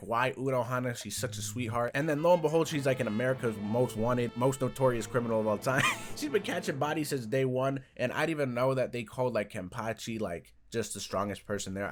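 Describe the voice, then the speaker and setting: A young man casually reviewing an anime, talking in animated bursts that jump loud and excited. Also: medium pitch.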